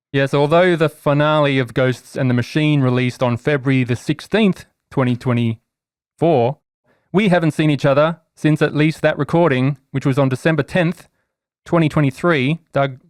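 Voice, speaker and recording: A man hosts a podcast with an upbeat, teasing delivery. His voice is smooth and resonant. The sound is dry and close. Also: mid-range voice, moderate pace, no echo. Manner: upbeat, teasing, introducing guests. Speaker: podcast host and game master. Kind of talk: casual podcast chat.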